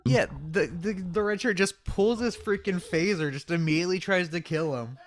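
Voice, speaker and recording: Male podcast co-host, slightly high voice, teasing and laughing in casual banter. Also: normal speed, shouting.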